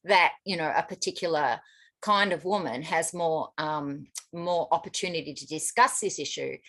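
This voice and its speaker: A woman's voice: sits low, moderate pace, fairly bright tone. An Australian woman co-hosting a podcast in casual chat, with chatty, self-mocking asides. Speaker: podcast co-host.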